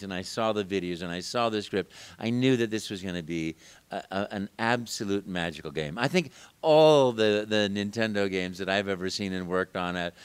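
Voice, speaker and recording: A man's voice: deep voice, clean tone. A man, a voice actor guest at a game convention, telling stories animatedly in a casual interview. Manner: animated storyteller, slips into character voices.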